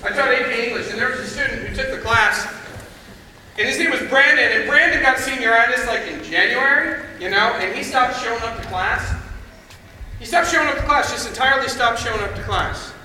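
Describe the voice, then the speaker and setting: A man giving a chapel sermon, telling stories conversationally and building to loud emphasis, recorded from far off in a large hall. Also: very high voice, a little fast, slight background noise. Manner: conversational storytelling, rising to shouts. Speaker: chapel speaker.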